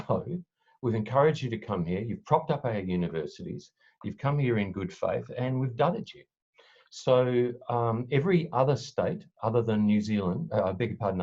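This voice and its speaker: A man on a casual panel, speaking in a measured, hesitant way with ums and self-corrections. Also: on the low side, a little mellow, breathy edge, muffled recording.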